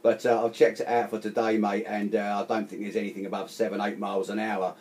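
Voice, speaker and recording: A man's voice: fairly low pitch, level tone, fast talker, a little mellow. A man chatting casually on amateur radio, friendly, calling the other man mate again and again. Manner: chatty, says mate constantly.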